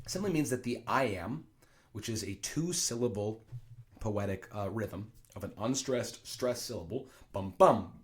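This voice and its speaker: A man teaching a class on a play, talking casually and thinking aloud with asides and fillers. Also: mid-range voice. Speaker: teacher explaining Shakespeare. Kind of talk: casual explanatory lesson.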